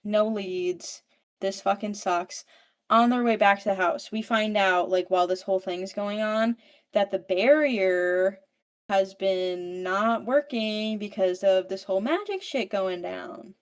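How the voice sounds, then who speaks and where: A woman's voice: mid-range voice, unhurried, smooth. Foul-mouthed woman recapping a book. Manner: swears freely, fills speech with "like"; animated storyteller, paraphrasing characters. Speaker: book podcast participant. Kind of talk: casual book recap chat.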